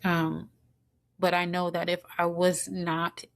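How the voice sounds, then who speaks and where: A middle-aged woman speaks slowly, in a fairly low voice. She is earnest and halting and restarts her sentences often. At times she sounds tearful and choked up as she shares her story. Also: completely flat delivery, gravelly. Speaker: podcast guest. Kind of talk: personal storytelling interview.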